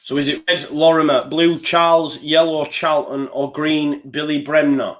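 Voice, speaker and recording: A man runs a live quiz and chats easily between questions. He lists the answer options in a steady rhythm and laughs off his own slips. His voice sits a little high for a man. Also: unhurried. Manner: chatty, reads answer options in a steady list; loose and self-deprecating, with small slips. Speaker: quiz host. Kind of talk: live online quiz hosting.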